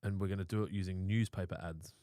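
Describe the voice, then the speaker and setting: A man's voice: low-pitched, fairly even intonation, quick pace, mellow, dry recording, clean studio sound. An Australian man co-hosting a casual talk show, brash and profane, speaking bluntly and cracking crude jokes. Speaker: podcast co-host.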